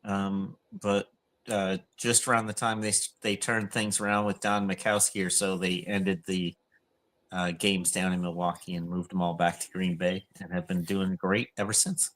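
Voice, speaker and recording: Male co-host with a lowish voice; calm, explanatory casual talk. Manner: measured, explanatory, with fillers. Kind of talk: casual chat.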